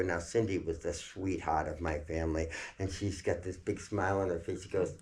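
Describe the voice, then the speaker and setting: An older man telling a family story in a chatty, animated way, laughing along as he goes. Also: sits low, moderate pace.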